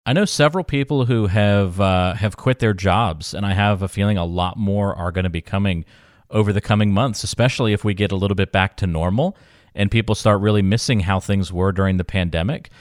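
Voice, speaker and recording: Low-voiced male podcast co-host. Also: a little fast, dry recording, clean studio sound. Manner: relaxed storytelling, laughs easily. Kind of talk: casual podcast chat.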